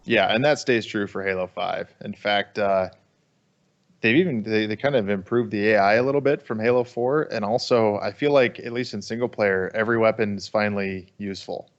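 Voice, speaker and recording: A man's voice: fairly low pitch, lo-fi sound. A man co-hosting a gaming podcast, chatting casually with a dry, wry humor and a habit of ranting. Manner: dry, wry, quick to rant. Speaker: podcast co-host.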